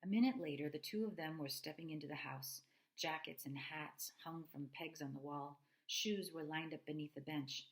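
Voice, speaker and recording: Low, gravelly woman reading a storybook aloud. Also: normal speed, poor audio. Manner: expressive, with asides to listeners. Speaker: reader. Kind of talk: reading a children's novel aloud.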